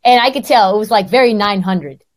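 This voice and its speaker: A woman hosting a sports podcast, hoarse from laryngitis, telling stories in a chatty, self-deprecating way. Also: medium pitch, fairly quick. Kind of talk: casual sports talk.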